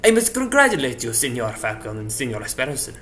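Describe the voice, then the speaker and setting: A man's voice: a little high, big pitch swings, brisk, sharp tone. Volps, a man doing a sly fox detective. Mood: suave. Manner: sly, formal, drops French courtesies. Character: smooth male fox private investigator.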